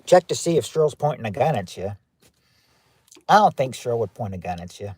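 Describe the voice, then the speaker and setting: A man's voice: medium pitch, big pitch swings, fairly quick, darkish tone, slightly rough, no room sound. A man from Kentucky with a Southern accent, hosting a casual livestream outdoors and reading viewer chat aloud with lots of restarts. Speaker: livestream host.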